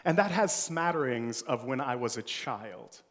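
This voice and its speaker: A man's voice: medium pitch, lively intonation, a little slow, fairly bright tone. A male pastor preaching a sermon, telling a childhood story with a playful, joking manner. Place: church sanctuary. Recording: long church hall reverb.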